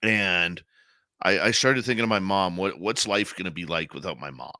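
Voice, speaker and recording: A man's voice: sits low, normal speed, sharp tone, no room sound, clean studio sound. A male radio host, emotional and heartfelt as he shares a personal story in conversation. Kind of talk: conversational interview.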